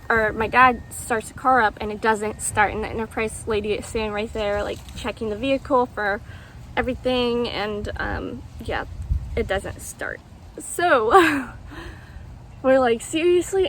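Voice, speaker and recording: A woman's voice: fairly high pitch, fairly bright tone, poor audio. A young woman vlogger telling a story casually, rambling with lots of ums and acted-out quotes. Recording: faint background noise.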